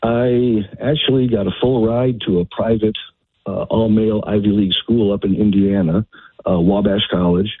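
A man in his fifties calls in to a radio show, heard over a tinny, dry phone line. His lowish, husky voice stops and starts as he searches for words. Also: fairly even intonation, no room sound. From Texas. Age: 50s. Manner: halting, with fillers and repeated words. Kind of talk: phone-in conversation.

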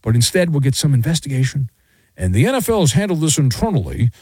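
A man's voice: mid-range voice, very animated, fast, a little mellow, husky, dry recording. A middle-aged man hosting a sports talk radio show, ranting in a sarcastic, mocking way. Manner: sarcastic, mocking, acts out quoted voices.

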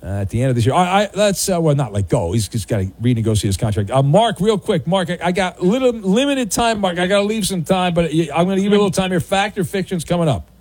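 A man hosting a sports radio show, his voice a touch higher than most and swinging up and down a lot as he talks. He teases callers and riffs on the news in a loose, animated way. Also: fast talker, hardly any pauses, no echo. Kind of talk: casual sports radio chat.

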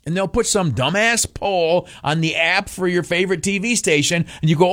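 A man's voice: sits high, moderate pace, hardly any pauses, a bit bright. A male talk radio host riffing through a loose opinion monologue. He rambles and stumbles over his words, piling on fillers and restarts, with a mocking, sarcastic edge.

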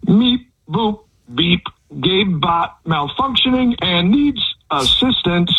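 A man's voice: high-pitched, expressive, slow pace, bright, forceful tone, breathy edge, dry recording, lo-fi sound. A man on a prank call, talking in a stiff malfunctioning robot voice. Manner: stiff beeping robot impression. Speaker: prank caller.

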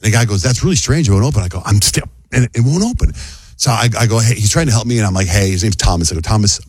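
A middle-aged man hosting a radio show, telling a story in a casual, animated way and acting out sounds and quotes. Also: fairly low pitch, rapid-fire, husky, no room sound. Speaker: radio host.

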